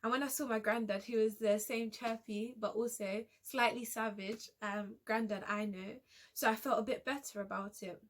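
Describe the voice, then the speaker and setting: A young woman sharing a personal story in a vlog. She talks in a hesitant, halting way and often stops to restart her sentences. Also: on the high side, steady tone. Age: young adult. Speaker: vlogger.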